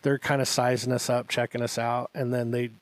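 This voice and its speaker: A man co-hosting a podcast, telling a long anecdote in a casual, animated way and acting out what everyone said. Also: mid-range voice, brisk, dry recording. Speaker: podcast co-host. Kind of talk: casual storytelling chat.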